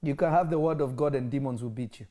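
A woman's voice: a bass voice, fast talker, mellow. A woman teaching scripture, pressing her listeners with questions and laughing often. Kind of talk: interactive Bible teaching.

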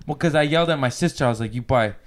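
A man with an average pitch hosts a relaxed podcast chat. He tells a story at length, swearing often as he goes. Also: very fast, crowd noise. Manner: animated, profane anecdote-telling. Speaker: podcast host.

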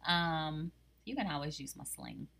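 A woman co-hosting a casual podcast, chatting about a reality TV show in an animated way and laughing often. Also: low-pitched, a little slow, creaky. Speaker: podcast co-host.

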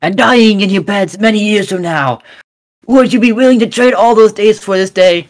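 A teenage boy putting on a Scottish rebel warrior giving a slow, swelling battle speech. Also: high voice, pitched above the performer's own voice, natural voice. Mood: rousing. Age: teens. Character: fiery Scottish rebel warrior rallying troops.

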